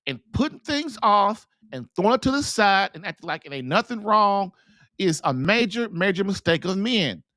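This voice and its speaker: A man's voice: high voice, sing-song, normal speed, pushed and bright, no echo. A man hosting a marriage show, giving an earnest, preachy talk to husbands, often repeating and restarting himself as he builds to emphatic urging. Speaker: podcast host and marriage coach. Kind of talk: preachy monologue to a call-in audience.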